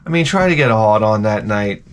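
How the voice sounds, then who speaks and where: Profane ranting man with lively pitch. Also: fairly quick, clear, resonant tone. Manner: profane, exasperated, swings loud and mutters. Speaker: vlogger. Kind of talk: rambling ranting monologue.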